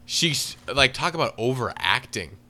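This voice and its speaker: Man, podcast co-host, casual chat, sarcastic, exaggerating, animated pitch, bright tone. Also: measured pace. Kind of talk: casual chat, movie review.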